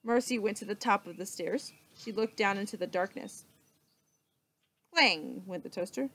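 A woman teacher reading a children's book aloud, slow and expressive with dramatic pauses. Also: medium pitch.

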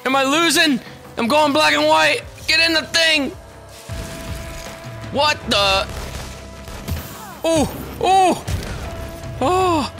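A young man doing let's play commentary, excitable and swearing, shouting at enemies as he plays. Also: very high-pitched, extremely slow, gravelly, long pauses. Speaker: gameplay commentator. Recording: game music behind.

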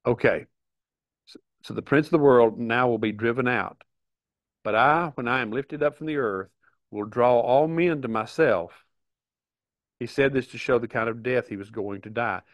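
A middle-aged man earnestly teaching a Bible study, reading verses aloud and pausing to stress them. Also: medium pitch, dry recording. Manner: earnest, emphatic, reads scripture aloud with pauses.

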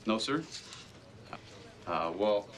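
A man's voice: on the low side, animated, drawn-out words, background noise. A man playing a junior police officer in a family film, speaking hesitantly and stumbling over his words. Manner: hesitant, stammering. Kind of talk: film dialogue.

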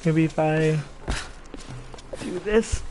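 A man's voice: a little high, extremely slow. A man commentating casually while playing a video game, reacting with frustration. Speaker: gameplay commentator. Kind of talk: casual let's-play commentary. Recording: gameplay with loud game noise.

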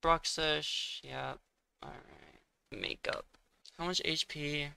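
A man's voice: a little high, lively intonation, takes it slowly, vocal fry, bright, forceful tone, clean tone. A young man giving casual commentary while he plays a competitive game, thinking aloud and muttering, with sudden exasperated outbursts. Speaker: gaming streamer.

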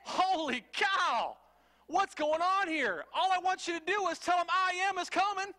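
A man voicing an exasperated God who is fed up and scolding, in an incredulous, drawn-out tone. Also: very high voice, sharp tone, big-room sound, voice pushed up.

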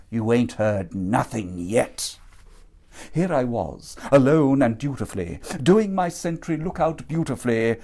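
A man's voice: mid-range voice, a little mellow. A man voicing a jittery young male soldier on sentry duty, flustered and gabbling in a storybook reading.

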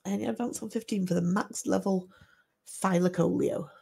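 Lady running a livestream auction, gravelly voice, calm going once going twice style. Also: medium pitch, fast. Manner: steady methodical lot-calling, selling once, twice, sold.

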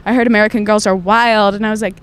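A woman's voice: mid-range voice, fairly even intonation, quick pace, clean tone. A young woman in her twenties, a podcast guest chatting casually, who giggles and acts out the people in her stories. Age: 20s. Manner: giggly storyteller, acts out quotes. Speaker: guest, host's sister. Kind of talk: casual chat.

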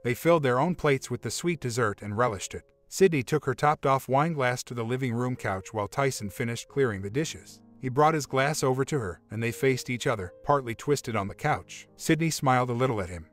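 A man reading a relationship story aloud in an even, measured narration. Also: mid-range voice, soft background music. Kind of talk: scripted narration.

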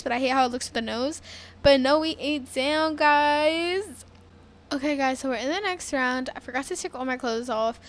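A young woman chatting excitedly to her viewers while playing a dress-up game, with faint background noise. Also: sits high. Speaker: gaming youtuber. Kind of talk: casual gameplay commentary.

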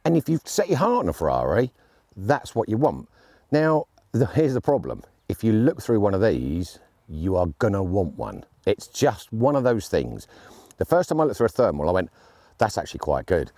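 Lively, mellow-voiced chatty man. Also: on the low side, normal speed, dry recording, clean studio sound. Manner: chatty, jokey and enthusiastic. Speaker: airgun gear reviewer. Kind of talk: casual gear review. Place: outdoors on shooting land.

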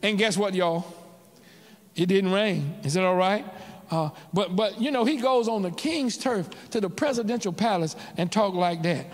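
A man's voice: sits high, moderate pace. A man preaching a sermon as pastor, calling out to his congregation in rising and falling waves. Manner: call-and-response preaching, rising and dropping in waves. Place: church sanctuary. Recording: church hall reverb.

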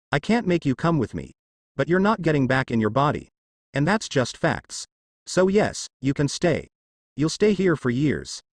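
A man reading as a calm female reaper. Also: medium pitch, no room sound, studio quality. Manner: soothing, matter-of-fact.

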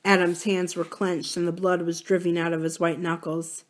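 A woman reading a novel aloud for a library series, narrating in a calm, even manner. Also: lowish voice, moderate pace, hardly any pauses. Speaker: library reader. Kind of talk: audiobook-style novel reading.

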